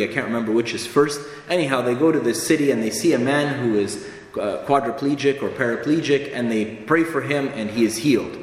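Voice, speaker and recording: A man's voice: mid-range voice, slight background noise. Earnest preacher man in an echoey hall. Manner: earnest, emphatic, repeats phrases for stress. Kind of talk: sermon. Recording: echoey hall with long reverb, faint ambience.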